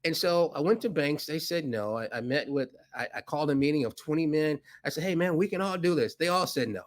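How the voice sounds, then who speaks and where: A man, a podcast guest who is a financier, telling a story with animated delivery and acting out voices in it. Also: fairly quick. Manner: acts out dialogue with rising pitch, laughs often.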